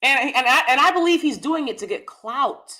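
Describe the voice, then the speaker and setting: A woman's voice: sits high, lively intonation, moderate pace, bright, forceful tone. A woman hosting a live-stream commentary, talking straight to her viewers in an emphatic, chatty way and repeating her key phrases for stress. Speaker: host.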